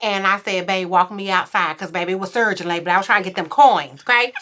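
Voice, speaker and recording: A woman in her forties appears as a podcast guest, telling a story quickly in casual conversation. When she quotes people, she acts them out in a louder, higher voice.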